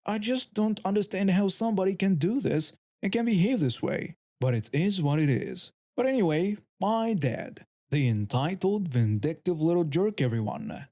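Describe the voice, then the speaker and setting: Man with a dark, mellow narration voice. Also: high-pitched, expressive, moderate pace, hardly any pauses. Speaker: story narrator. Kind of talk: scripted first-person narration.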